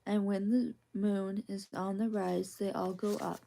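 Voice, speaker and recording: Mellow-voiced woman reading bedtime stories. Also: mid-range voice, little pitch movement, a little slow, vocal fry. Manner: gentle, sing-song read-aloud rhythm. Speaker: storyteller reading bedtime picture books. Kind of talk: soft ASMR bedtime reading.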